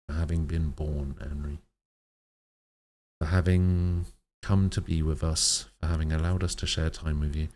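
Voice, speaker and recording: A man voicing a calm, gentle male character who speaks softly and sincerely. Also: extremely low pitch, a little slow. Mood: tender.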